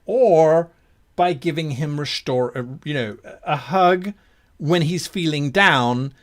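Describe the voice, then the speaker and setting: A man running a tabletop game as its game master, narrating slowly and without hurry. He lets the scene unfold at an easy, deliberate pace, often with a chuckle. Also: on the high side.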